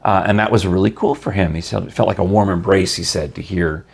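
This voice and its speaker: A man's voice: low voice, fairly even intonation, quick pace, gravelly, a little mellow, slightly rough. A man hosting a podcast, chatting casually and reading an ad in an enthusiastic, chatty way. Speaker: podcast host. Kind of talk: casual chat with ad read.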